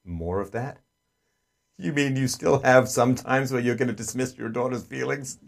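A man hosting a call-in advice show, earnestly explaining and acting out gentle parent dialogue. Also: medium pitch, moderate pace, vocal fry.

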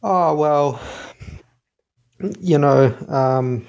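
A young man playing his own father in a role play, hesitant and deflecting, halting often. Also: a little high, darkish tone, dull audio. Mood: evasive. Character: caller's evasive middle-aged father, defensive.

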